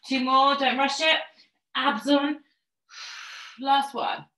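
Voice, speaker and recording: A woman's voice: high voice, steady tone, takes it slowly, bright, forceful tone. A woman teaching a pilates class, cueing and counting each move in an encouraging way while slightly out of breath. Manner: encouraging, counts reps and gives step-by-step cues. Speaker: fitness instructor. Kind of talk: online pilates class instruction. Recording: echoey room.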